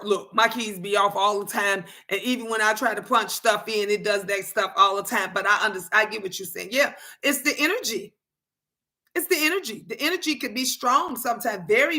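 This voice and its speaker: Bright-voiced chatty woman live-streaming. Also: mid-range voice. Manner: lively, chatty, reads viewer comments aloud and answers them. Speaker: tarot reader hosting a live stream. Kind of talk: casual live-stream chat.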